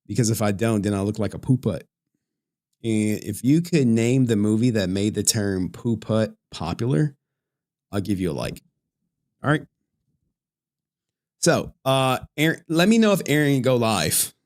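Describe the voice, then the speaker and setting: A man's voice: on the low side, animated, measured pace, long pauses, darkish tone. A man hosting a livestream, chatting casually with plenty of profanity and frequent laughter. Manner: joking, profane, laughs often. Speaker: livestream host.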